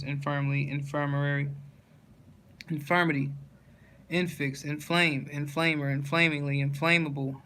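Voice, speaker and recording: A man reading a long list of dictionary words aloud in a steady recitation, with occasional slips and restarts. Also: a little high, slight background noise, poor audio. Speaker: word-list reader.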